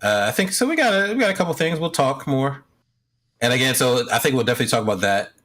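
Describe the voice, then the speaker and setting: A man's voice: medium pitch, very animated, quick pace, a bit bright. A man co-hosting a casual livestream chat, loose and agreeable, chuckling often. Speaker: podcast co-host.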